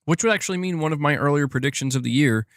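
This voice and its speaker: Rapid-fire and on the high side, this young man's voice comes through clean with no echo, at studio quality. He streams about gaming news, casually reading viewer comments and rambling with plenty of "like" and restarted sentences.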